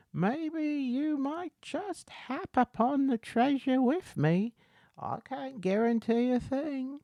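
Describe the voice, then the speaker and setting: A high, chirpy Cockney beggar, loyal and full of little rhymes, as a man puts him on for a tabletop game. He drawls his lines slowly, and his pitch bounces around. The sound is close and dry. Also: a little mellow, dry recording, exaggerated voice. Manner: high put-on voice, sing-song rhymes. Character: male human beggar, chatty, rhyming, loyal.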